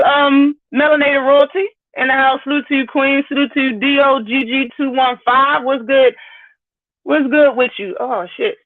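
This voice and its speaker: A woman hosting a live stream, ranting bluntly and profanely while greeting viewers in the chat. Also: sits high. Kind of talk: heated live-stream rant. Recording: phone-like lo-fi audio.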